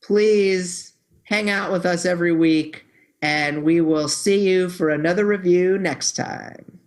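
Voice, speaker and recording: A man hosting a book review podcast, chatting casually and joking, with relaxed restarts. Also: sits high, takes it slowly. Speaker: podcast host.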